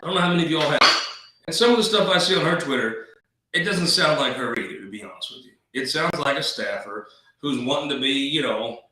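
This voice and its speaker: A man's voice: mid-range voice, sharp tone, heavy reverb, far from the mic, poor audio. A man hosting a political talk show, rambling in a folksy, wisecracking way. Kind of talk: casual political commentary.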